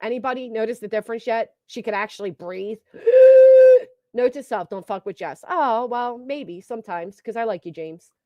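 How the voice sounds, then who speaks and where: A woman's voice: a little high, brisk, hardly any pauses, no room sound. A woman giving casual reaction commentary on a stream, mocking and sarcastic, swearing freely.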